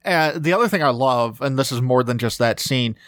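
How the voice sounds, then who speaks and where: A man co-hosts a podcast and gushes over a film in loose, casual chat. He often stops and restarts his sentences as his excitement runs ahead. His mid-range voice is close to the mic, with a dry sound and no room echo. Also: mid-range voice, a little fast. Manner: enthusiastic, talks with frequent restarts. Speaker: podcast co-host.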